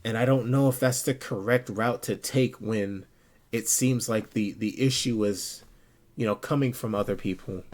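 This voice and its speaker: A man's voice: lowish voice, moderate pace, a little mellow. A male streamer talking casually and bluntly to his chat, swearing often and getting worked up.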